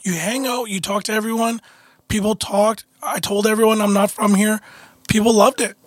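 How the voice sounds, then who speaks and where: A man in a casual debate, telling a story in an animated way and restarting his sentences often. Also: sits high, moderate pace, no room sound.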